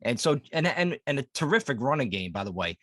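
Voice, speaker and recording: A man's voice: mid-range voice, big pitch swings, fast, a bit bright, no echo. A man co-hosting a sports podcast, rambling and swearing in casual chat. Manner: rambling, profane, with filler restarts. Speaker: podcast co-host.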